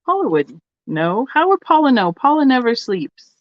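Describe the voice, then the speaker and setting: A woman hosting an online vintage sale chats casually, thinking aloud as she displays items and takes bids. Her fairly high voice has a sing-song quality at a moderate pace, on a dry recording that sounds slightly dull and lo-fi.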